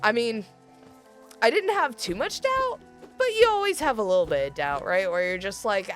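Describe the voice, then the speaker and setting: A woman's voice: a little high, moderate pace. Lady streamer gaming n chatting w chat, laughs a lot, swears, voice jumps all over, faint music behind. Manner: animated, laughing often, swears freely. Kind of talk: casual gameplay chat with chat.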